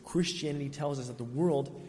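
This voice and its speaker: A man preaching a sermon, earnest and emphatic, with dramatic pauses between phrases. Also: mid-range voice, darkish tone. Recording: reverberant hall, faint ambient noise.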